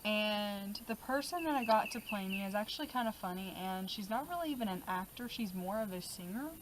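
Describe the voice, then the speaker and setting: A woman's voice: mid-range voice, brisk, a little hiss or hum, low-quality recording. A woman vlogger chatting casually about her journal pages, with lots of "um" and "like" as she talks. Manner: chatty, many fillers like "um" and "like". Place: outdoors.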